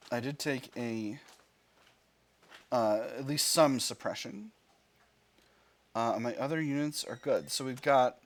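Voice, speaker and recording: A gaming channel host with a medium-pitched voice plays through a game, reading its text aloud and musing over his choices. He restarts frequently as he goes.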